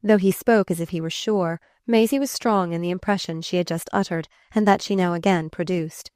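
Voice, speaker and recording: A woman's voice: fairly low pitch, no echo, studio quality. Woman narrating a classic audiobook. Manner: measured, expressive reading.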